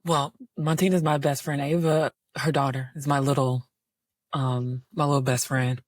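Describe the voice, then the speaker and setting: A woman co-hosting a podcast, talking in a relaxed way with easy laughter. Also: very deep voice, moderate pace, no echo, clean studio sound. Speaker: podcast co-host. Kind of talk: casual podcast conversation.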